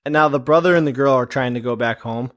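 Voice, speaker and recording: A man co-hosting a horror movie podcast, talking in a relaxed, wry way with frequent chuckles. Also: mid-range voice, quick pace. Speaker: podcast co-host. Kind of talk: casual movie-review chat.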